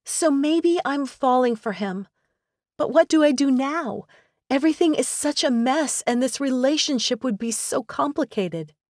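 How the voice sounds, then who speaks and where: A young woman on the edge of tears, high and fluttery as she frets over a new love, put on by a female audiobook narrator. She sounds close and dry, with no room around her. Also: lively intonation, a little slow, no echo. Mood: flustered. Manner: high, tearful and flustered.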